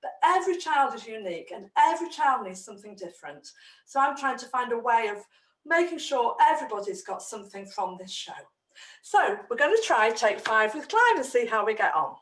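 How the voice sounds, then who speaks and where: Lively woman, roomy distant sound. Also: a little high, brisk. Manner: lively, animated, chatty. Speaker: children's storyteller addressing parents. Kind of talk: explaining to parents.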